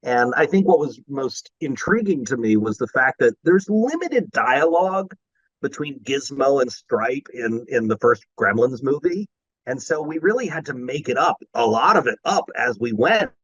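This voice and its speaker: A man guest telling stories in a casual interview, excitable and animated. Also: medium pitch, normal speed, slightly rough, no echo, lo-fi sound. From Maryland, USA. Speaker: voice actor guest.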